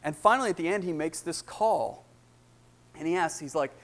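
A young man giving his testimony in a sermon, acting out the people in his story, excited at times and hushed at others. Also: on the high side, moderate pace. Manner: animated storytelling, acting out dialogue, rising excitement then hushed.

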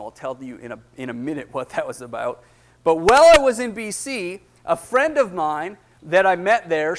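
A young man giving his testimony in a sermon, acting out the people in his story, excited at times and hushed at others. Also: on the high side. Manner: animated storytelling, acting out dialogue, rising excitement then hushed.

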